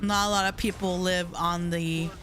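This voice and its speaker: A woman's voice: lowish voice, fairly even intonation, moderate pace, fairly bright tone, soft background music. A young American woman streaming live, chatting casually with viewers, laughing often and trailing off mid-sentence. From United States.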